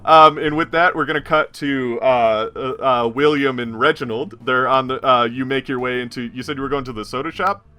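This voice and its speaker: A man's voice: mid-range voice, brisk, few pauses, bright, forceful tone, clear, resonant tone. A man running a tabletop role-playing game as game master, rambling with many fillers and frequent laughs.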